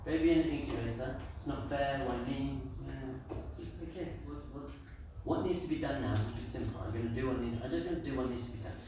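A man teaching a lively Torah class as a rabbi, telling stories and acting out the voices in them. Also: mid-range voice, fast talker, hardly any pauses. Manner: animated storyteller, acts out voices, laughs with listeners. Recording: echoey room, far from mic, noisy.

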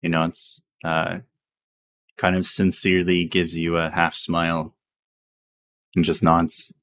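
Deep slow guy running a tabletop game, laid back, swears a bit. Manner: slow, relaxed, swears casually. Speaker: game master.

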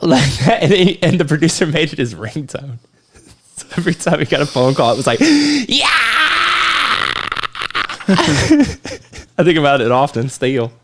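Lively, laughing young man. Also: on the high side, normal speed, very noisy. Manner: laughs easily, agreeable, storytelling. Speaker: podcast co-host. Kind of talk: casual chat.

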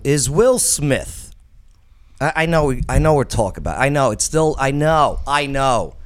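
A man's voice: mid-range voice, very animated, unhurried. A man hosting a casual talk show, jokey and rambling, often restarting his sentences.

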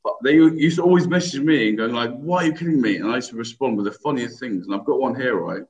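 A man's voice: mid-range voice, fast talker. A man, rambling through a story on a casual podcast and laughing at his own jokes. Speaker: podcast co-host. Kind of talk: casual chat. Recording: dull lo-fi podcast recording.

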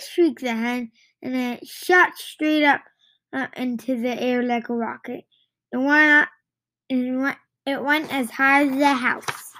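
A woman reading a children's book aloud in a halting way, with many restarts and stumbles. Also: high voice, dry recording. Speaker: reader.

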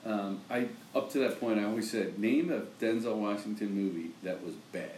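A low-voiced man chats about sports and tells animated stories. He sits back from the mic in a roomy space, with a faint hiss underneath. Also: moderate pace, recorded from a distance. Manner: animated storyteller, acts out both sides of conversations. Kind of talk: casual chat.

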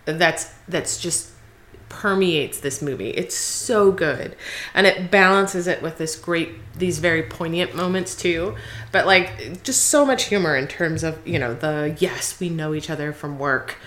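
A woman co-hosting a podcast, chatting casually about a movie in an animated way and acting out the lines she quotes. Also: low-pitched, unhurried, reverberant. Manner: animated, acts out quoted lines, laughs often. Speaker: podcast co-host. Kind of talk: casual movie review chat.

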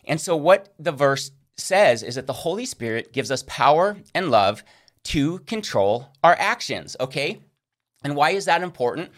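A man's voice: a little high, big pitch swings, normal speed, a bit bright. A man teaching a recorded Christian course lesson, earnest and checking in with listeners with a frequent "okay?".

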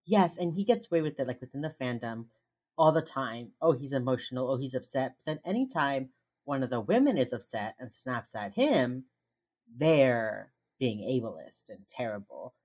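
A woman's voice: extremely low pitch, moderate pace, breathy edge. A woman chatting casually as a co-host, recapping a TV episode and acting out the characters' lines. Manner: animated, acts out characters' lines in put-on voices. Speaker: podcast co-host. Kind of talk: casual chat recapping a TV show.

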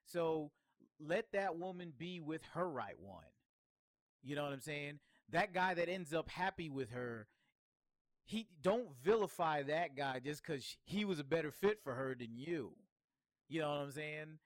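A man co-hosting a podcast in easy conversation, with a voice sitting slightly high and a close, dry sound with no room in it. He chimes in to affirm his partner and often finishes his sentences for him. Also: lively intonation, measured pace, no room sound. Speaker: podcast co-host. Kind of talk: casual conversation.

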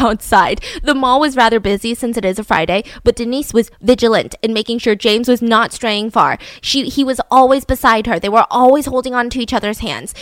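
A woman hosting a podcast, telling a true-crime story in a casual, animated way, full of "like" and "right?" asides. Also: a little high, no echo. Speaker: podcast host.

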